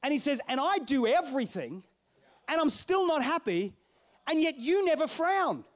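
High-voiced animated male pastor. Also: moderate pace. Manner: animated, playful, calls out to the congregation. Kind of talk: storytelling sermon.

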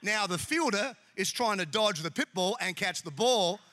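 A middle-aged Australian man preaching a humorous sermon in church, telling animated, jokey stories. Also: high-pitched, normal speed.

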